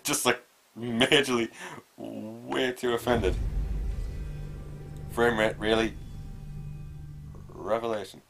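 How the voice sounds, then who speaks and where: A man giving casual let's play commentary, swearing and yelling at the game. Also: mid-range voice, fairly even intonation, slow pace, creaky, long pauses. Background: faint game music.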